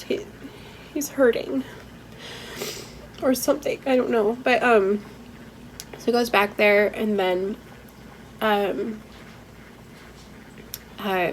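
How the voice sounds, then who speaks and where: A woman's voice: mid-range voice, low-quality recording. Young adult woman, vlogger, emotional and teary, candid talk full of fillers, faint background noise. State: teary, holding back tears; stuffy from a head cold. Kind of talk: personal vlog storytelling.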